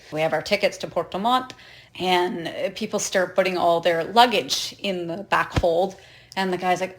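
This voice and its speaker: A woman from Canada, a podcast guest, telling travel stories with lively energy, acting out other people's voices and laughing often. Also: fairly low pitch. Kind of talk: animated storytelling in a podcast interview.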